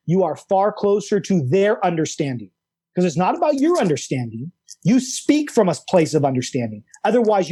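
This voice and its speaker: A middle-aged man, a coach and author, explaining ideas with animated emphasis, repeating key words for effect. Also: high voice, breathy edge. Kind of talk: enthusiastic explanatory conversation.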